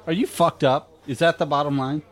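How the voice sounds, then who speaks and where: A man's voice: a little high, fairly even intonation, fairly quick, background noise. A man co-hosting a casual comedy chat, teasing the others with dry remarks. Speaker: podcast co-host.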